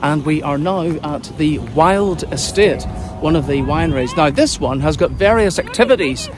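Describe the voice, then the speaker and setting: A travel vlogger walks outdoors along a beach and vineyard paths, chatting and pointing things out as he goes, with outdoor noise behind him. His voice is on the high side, with lively intonation and a moderate pace.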